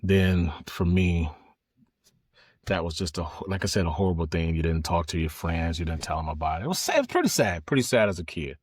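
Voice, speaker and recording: A middle-aged man from Georgia, telling folksy, animated stories from his childhood. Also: sits low, brisk, slightly rough, no echo, clean studio sound. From Georgia, USA. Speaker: podcast host. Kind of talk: casual storytelling.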